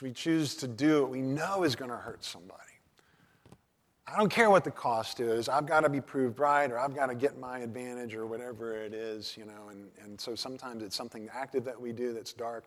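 A man giving a conversational sermon, often restarting his words and dropping low and soft to stress a point. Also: long reverb tail. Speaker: pastor.

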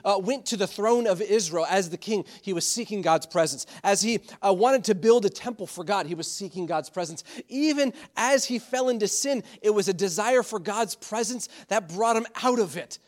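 A middle-aged man, a pastor, preaching a sermon with repeated, urging calls and frequent restarts. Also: high voice. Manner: repetitive, exhortative preaching with fillers and restarts.

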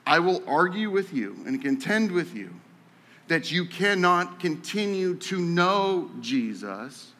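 Guy preaching in a big church, chatty and animated, repeats words a lot, lots of room echo. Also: high-pitched, slow. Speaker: pastor. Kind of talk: sermon. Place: church sanctuary. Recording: echoey hall with long reverb.

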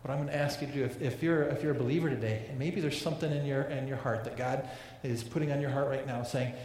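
Speaking quickly in a steady, medium-pitched and a little mellow voice, a pastor preaches earnestly in a large church hall, prone to repeated words and restarts. The recording carries the hall's long, echoing reverb.

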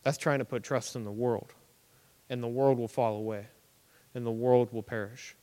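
A man's voice: mid-range voice, normal speed. Young man preaching in a reverberant hall. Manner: conversational, animated, acts out reactions. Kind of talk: casual youth sermon.

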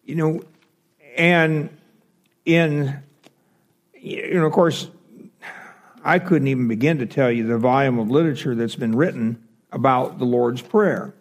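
A man's voice: mid-range voice, measured pace, pauses often. A man teaching a Bible class, explaining step by step with fillers and self-corrections.

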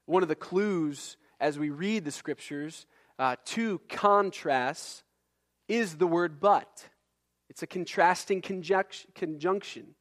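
A man's voice: fairly high pitch, takes it slowly, fairly bright tone. A man preaching a sermon, reading scripture and building intensity through repeated phrases. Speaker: pastor.

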